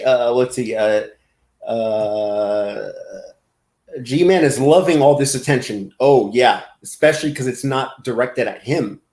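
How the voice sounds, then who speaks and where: A man's voice: medium pitch, darkish tone, echoey room. A man hosting a casual livestream, rambling and laughing as he reacts to chat comments. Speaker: livestream host.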